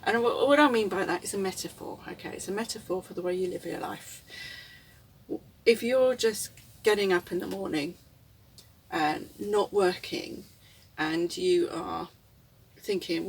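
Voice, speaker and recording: A woman's voice: fairly low pitch, a little slow, gravelly, husky, recorded from a distance. A woman, rambling reflectively and candidly in a casual vlog, often chuckling. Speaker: vlogger. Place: inside a camper van.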